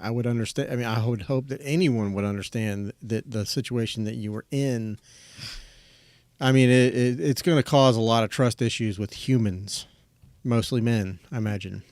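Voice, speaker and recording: A man hosts a podcast in a relaxed, easygoing way, often stopping and restarting his sentences as he talks with his guest. His voice sits at a middle pitch for a man. The recording is dry and close to the mic. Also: normal speed, no echo. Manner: easygoing, with frequent restarts and fillers. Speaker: podcast host. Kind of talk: casual conversation.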